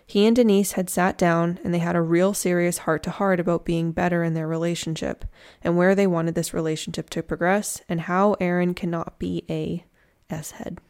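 Chatty woman telling true crime, slightly low. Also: fairly even intonation, normal speed, darkish tone, clean tone. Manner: chatty, with slangy joking asides. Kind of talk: casual true crime storytelling.

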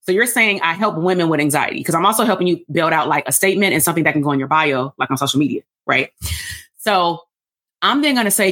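A woman coaching therapists on building a business. She teaches a live workshop in an energetic, animated way, with casual slangy asides. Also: low voice, fast talker. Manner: addresses the audience as "y'all".

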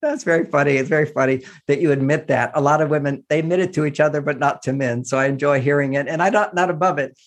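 A man's voice: on the high side, quick pace, hardly any pauses. A middle-aged man giving relationship advice, telling stories and acting out the voices of people he quotes. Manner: animated, acts out quoted voices. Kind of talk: warm advice talk with stories.

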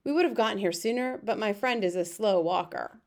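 A woman reading the lines of a kindly old male monk, speaking gently. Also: mid-range voice, a little fast, natural voice. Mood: teasing. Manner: gentle, cooing with babies.

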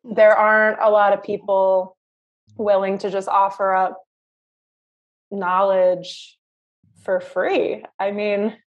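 A woman's voice: mid-range voice, level tone, slow, long pauses. A woman podcast guest, emotional and stumbling over her words in casual chat. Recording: dull lo-fi sound.

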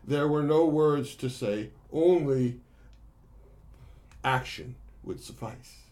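This time the monkey warrior comes through a man's fairly high, pushed-up voice, slow and somewhat dark in tone. Still gleeful and boastful, he spins the story of his battle, treating the audience like friends and obviously enjoying every brag.

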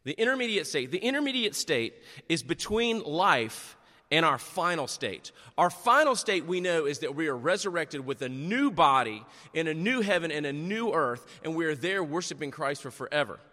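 A middle-aged man preaching a sermon, telling stories in an animated, chatty and self-deprecating way. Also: a little high, moderate pace. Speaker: pastor. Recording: long echo of a large hall.

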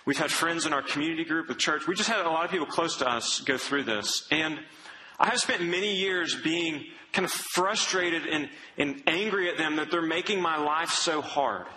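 A man preaching a sermon in an earnest, conversational way, often dropping to a soft, low tone. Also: moderate pace, a little hiss or hum, rough recording.

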